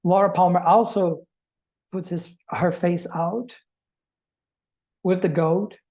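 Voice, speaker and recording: A woman presents to a reading group in an academic manner. Her voice sits fairly low and sounds mellow and warm. She talks reflectively, often posing questions to the group. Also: fairly even intonation, takes it slowly, rough recording. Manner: reflective, poses rhetorical questions.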